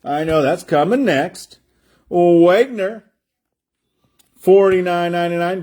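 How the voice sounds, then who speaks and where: Chatty card-break host, higher-voiced man. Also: measured pace, darkish tone. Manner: chatty, jokey, calls out player names. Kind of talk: livestream card-break banter.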